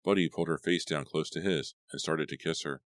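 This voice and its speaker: A man narrating an audiobook story with expressive storytelling. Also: extremely low pitch, brisk, no echo. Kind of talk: scripted narration.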